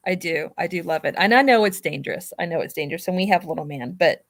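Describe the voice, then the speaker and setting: A woman's voice: lowish voice, quick pace, dry recording. Gushing woman guest, dry close sound. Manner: warm, gushing and supportive. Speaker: guest on a live stream. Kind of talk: casual chat.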